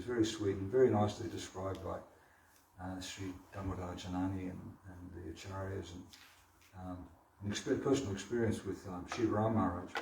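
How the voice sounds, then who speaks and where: A man leading a devotional scripture class, retelling the story with halting repeats and restarts. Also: low voice, darkish tone, slight background noise. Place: temple hall. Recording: roomy hall from far off.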